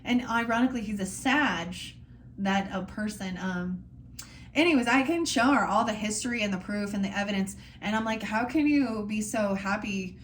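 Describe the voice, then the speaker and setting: A woman's voice: mid-range voice, normal speed, fairly bright tone, slight background noise. A middle-aged woman giving a casual tarot reading, blunt and frustrated, rambling and swearing freely. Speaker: tarot reader.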